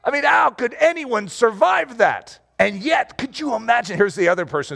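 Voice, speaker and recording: A lively middle-aged pastor delivers a sermon in a room full of chairs. His voice sits high, with a gravelly edge and wide, animated swings in pitch. He keeps it playful, acting out scenes and breaking into shouts to drive his points home. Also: moderate pace.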